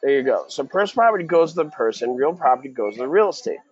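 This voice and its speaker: A man's voice: medium pitch, very animated, slightly rough, no echo. Encouraging male tutor, dry dull sound. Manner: encouraging, quizzing with quick questions. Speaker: real estate exam instructor. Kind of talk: casual tutoring Q&A.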